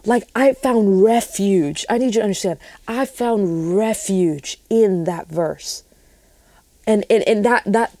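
A woman's voice: mid-range voice, mellow, dry recording. A young woman sharing a Christian testimony in an earnest, rambling way, often restarting her sentences. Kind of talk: casual spoken testimony.

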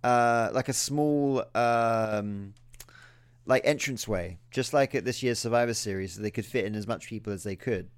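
A man's voice: medium pitch, normal speed, clear, resonant tone. A British man co-hosting a podcast, chatting casually and rambling with lots of fillers and restarts. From United Kingdom. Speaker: podcast co-host. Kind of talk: casual chat.

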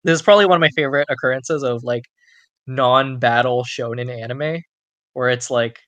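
A podcast co-host in casual chat, comic and profane, acting out scenes with loud bursts. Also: mid-range voice, moderate pace, no echo.

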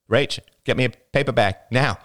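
A man's voice: mid-range voice, moderate pace, fairly bright tone, pitched above the performer's own voice, close to an everyday voice. A man doing a gasping panicked young man. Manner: gasping, strained.

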